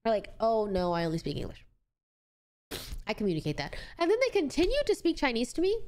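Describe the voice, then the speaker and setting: Young woman streamer, high and animated, chatty, rambling, answering chat. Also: a little fast. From United States. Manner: chatty, rambling, reads viewer messages aloud. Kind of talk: casual chat with viewers.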